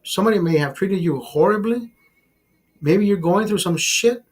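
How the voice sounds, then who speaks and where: Male livestream host, somewhat high voice, heated and profane, preachy. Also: moderate pace, breathy edge. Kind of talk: casual talk to a live chat.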